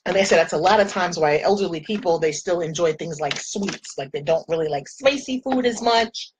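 A woman's voice: lowish voice, fairly quick, a little mellow, a little hiss or hum, rough recording. A woman in her forties chatting playfully with viewers while she does her makeup. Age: 40s. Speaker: makeup vlogger. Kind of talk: casual chat while doing makeup.

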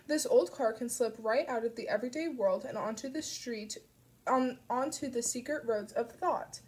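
Woman putting on a sinister smooth-talking male driver. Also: on the high side, normal speed, a little mellow, natural voice. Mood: coaxing.

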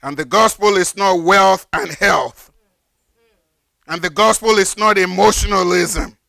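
Gravelly, high-pitched older preacher. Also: male voice, unhurried, no room sound, clean studio sound. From Nigeria. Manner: fervent preaching, rises to shouted emphasis and repetition. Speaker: pastor. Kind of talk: sermon.

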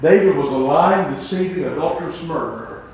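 A man preaching a revival sermon as an evangelist, swinging between shouted lines and hushed asides. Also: a little high, brisk, distant mic. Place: church sanctuary. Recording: echoey church sanctuary with faint room noise.

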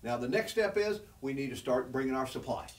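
A man's voice: medium pitch, expressive, a little fast, recorded from a distance. A man preaching a sermon, teaching from scripture in an earnest, conversational way that rises when he presses a point. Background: congregation responding.

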